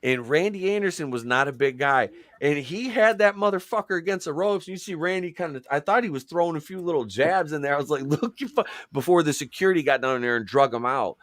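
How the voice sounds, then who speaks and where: A man's voice: fairly high pitch, animated, fairly quick, few pauses, a bit bright, no echo, studio quality. Rambling, foul-mouthed man chatting. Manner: rambling, swears a lot, acts out quotes. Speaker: podcast co-host. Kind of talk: casual profane chat.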